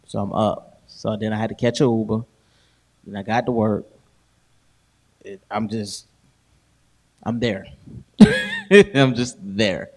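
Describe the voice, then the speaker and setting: A man's voice: lowish voice, lively intonation, slow pace, long pauses. A man co-hosting a podcast, telling stories in casual chat with slang, laughing often and acting out what people said. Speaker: podcast host.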